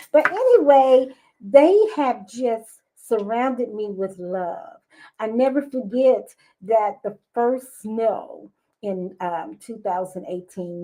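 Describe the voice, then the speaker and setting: A middle-aged woman, a podcast guest, telling lively personal stories in casual interview chat. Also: fairly high pitch. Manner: lively storytelling, expressive. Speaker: guest, business owner.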